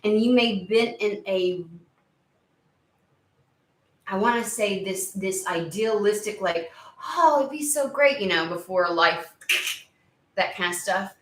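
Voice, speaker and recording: A woman's voice: medium pitch, fairly even intonation, slow pace, pauses often, a bit bright, reverberant, recorded from a distance, rough recording. A woman giving a casual spoken tarot reading, rambling and searching for words with many fillers. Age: under 70. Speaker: tarot reader.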